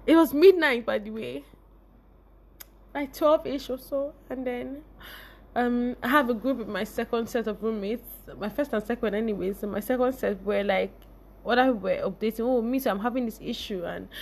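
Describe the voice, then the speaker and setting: Emotional young Nigerian woman, high voice. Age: young adult. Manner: laughs often, voice rising and breaking with emotion. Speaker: vlogger. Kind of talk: emotional personal storytelling.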